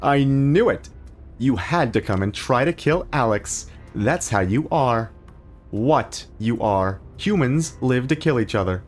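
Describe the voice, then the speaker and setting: A cackling young villainess who taunts in a sing-song lilt, as a man reads her lines. Her voice sits far higher than his own and bursts into giddy laughter, with a faint music bed underneath. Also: expressive, a little slow. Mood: taunting. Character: giggling bloodthirsty young woman villain.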